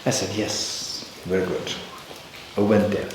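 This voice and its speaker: A man's voice: low-pitched, fairly even intonation, a little hiss or hum. Man teaching in a very echoey hall. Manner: storytelling, halting restarts, bursts of emphasis. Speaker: Buddhist teacher leading a retreat. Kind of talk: dharma talk with personal anecdote. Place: large temple hall.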